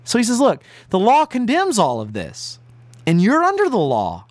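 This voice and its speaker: A man's voice: high voice, huge pitch swings, moderate pace, no echo. A man preaching an earnest, emphatic sermon as pastor. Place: broadcast to listeners at home and on the road.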